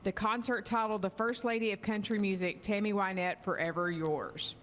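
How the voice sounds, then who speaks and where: A woman's voice: medium pitch, steady tone, normal speed, fairly bright tone, big-room sound, a little hiss or hum. A woman co-hosting a radio show, giving casual updates and reading country music news, often saying "like". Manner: casual, many "like" fillers.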